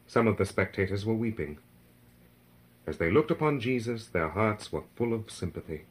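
A man's voice: sits low, rough recording. A man giving a solemn, dramatic reading of a devotional narrative, rising in force for the crowd's cries. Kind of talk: scripted narration of a devotional book.

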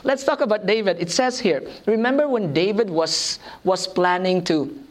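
A woman preaching a sermon, telling personal stories in an animated, self-mocking way and laughing often. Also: mid-range voice, normal speed.

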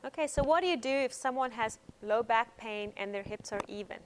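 A woman teaching hands-on pain management in a gentle, conversational way, telling stories from her practice. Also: a little high, brisk, smooth. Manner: gentle, conversational, frequent um fillers. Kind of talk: instructional talk with personal stories.

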